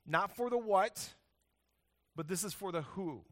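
A man's voice: high-pitched, animated, measured pace, fairly bright tone. A man preaching a sermon to a congregation, emphatic and earnest, often checking in with "right?". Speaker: pastor. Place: church hall with congregation.

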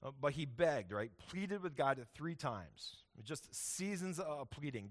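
Conversational pastor with a higher-pitched voice. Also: male voice, animated, measured pace, few pauses. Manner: conversational, often adds "right?". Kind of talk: sermon.

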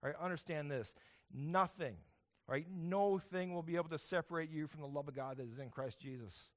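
A man delivering a sermon from the pulpit, his voice sitting a touch high for a man. He preaches emphatically, stacking up phrases in rhythmic repeated lists and pausing to quiz the congregation for answers. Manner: emphatic preaching with call-and-response questions. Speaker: pastor who planted the church.

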